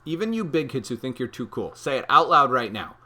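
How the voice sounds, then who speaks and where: Animated, bright-voiced man reading aloud. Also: medium pitch, a little fast. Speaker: co-host reading a picture book aloud. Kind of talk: playful read-aloud with banter.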